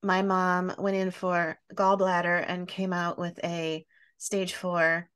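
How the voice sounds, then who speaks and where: A woman podcast host talks with a guest in a tender, reflective way. Her voice softens and drops when she comes near tears. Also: on the low side, little pitch movement, slow pace, clean tone. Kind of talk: heartfelt interview conversation.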